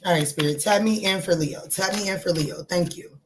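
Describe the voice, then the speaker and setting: A woman giving a casual tarot reading, talking in a chatty, animated way, swearing and joking with her viewers. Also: on the low side, brisk, slight background noise. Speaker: tarot reader.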